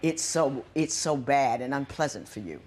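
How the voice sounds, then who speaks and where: A woman's voice: a bass voice, expressive, moderate pace, darkish tone, a little hiss or hum. A woman presiding as judge on a courtroom TV show, asking pointed questions and scolding bluntly.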